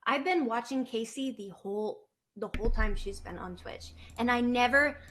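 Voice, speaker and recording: A woman's voice: fairly high pitch, normal speed, a bit bright, a little hiss or hum. A young woman chatting casually as a guest on a livestream, rambling and gushing, with restarts and fillers. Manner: rambling, gushing, puts on a pleading baby voice at times. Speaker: stream guest. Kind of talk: casual stream chat.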